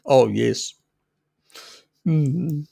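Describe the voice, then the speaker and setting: Slow, gravelly man chatting. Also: medium pitch, mellow, no echo, clean studio sound. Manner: chatty, laughs often, swears, reads chat aloud. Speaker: live stream host. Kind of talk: casual live stream chat, answering viewers.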